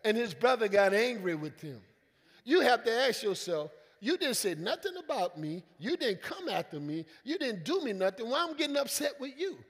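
A high-pitched male pastor preaching to his congregation, swinging from soft asides to loud, emphatic calls. He acts out quoted voices in easy vernacular. His voice rings with the long reverb of a church sanctuary. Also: sing-song, normal speed. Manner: call-and-response preaching, swelling to loud emphatic lines. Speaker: senior pastor. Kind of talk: preaching a sermon.

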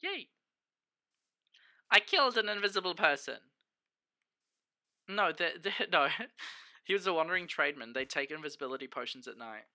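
Young man, streamer, casual game commentary, sweary, talks to chat, crackly fry. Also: on the high side, moderate pace, long pauses. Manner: chatty, sweary, bursts of excited exclamations; talks to the chat and himself as he plays.

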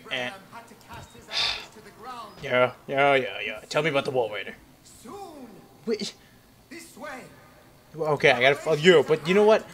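A young man with a fairly high, slightly bright voice rambles casually into a headset while playing a horror game. As a gaming commentator, he sounds nervous, cracks jokes, and talks to the on-screen characters.

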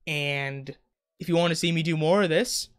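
A young man giving jokey, excitable commentary on a game while he plays, his voice cracking now and then. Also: a little high, normal speed, clean tone. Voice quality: voice keeps cracking. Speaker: gaming YouTuber. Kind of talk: let's play commentary.

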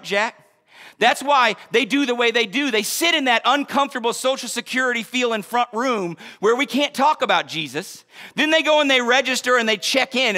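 A man preaching a sermon as pastor, in an energetic, conversational way with joking asides. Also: very high voice, big-room sound.

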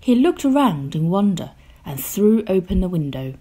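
Gentle breathy storybook woman. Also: lowish voice. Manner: slow, gentle and expressive, drops to a hush. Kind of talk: children's picture book read-aloud.

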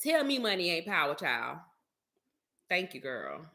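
A woman vlogger in casual gossip chat, animated and chatty, talking straight to her viewers and calling them child, baby and honey. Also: fairly low pitch, measured pace. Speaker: vlogger host.

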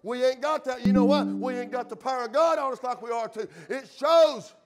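Male pastor, very high voice, fiery sermon full of "amen" and "uh". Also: brisk, soft background music. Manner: emphatic preaching with frequent "uh" and "amen". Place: church sanctuary.

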